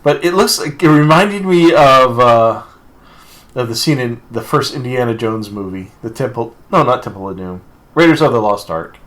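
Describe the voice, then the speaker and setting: A man's voice: mid-range voice, animated, moderate pace, a bit bright. Male co-host, casual podcast chatter, rambling delivery with frequent self-corrections and laughs. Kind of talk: casual chat.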